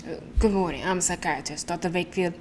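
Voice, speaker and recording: A woman's voice: on the low side, quick pace, background noise. A woman hosting a let's play, reading a story game's text aloud with casual asides. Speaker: gaming channel host. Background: game music.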